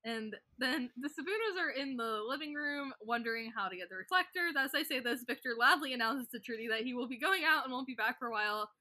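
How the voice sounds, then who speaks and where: A woman with a bright, fairly high voice runs through a TV plot recap at a brisk clip. The sound is close and dry. She slips into laughs between beats. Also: expressive, no echo. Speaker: podcast host recapping episodes. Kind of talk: casual recap and chat.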